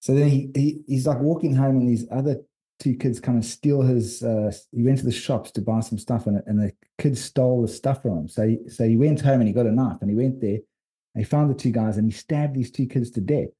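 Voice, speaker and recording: A man with a South African accent, co-hosting a podcast, telling rambling, animated stories in casual chat. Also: mid-range voice, fairly quick. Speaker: podcast co-host and documentary filmmaker.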